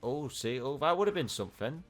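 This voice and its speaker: Excitable man playing a game. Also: mid-range voice, brisk, soft background music. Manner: excitable, self-mocking, prone to laughing outbursts. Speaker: gaming channel host. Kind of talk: casual let's-play chat.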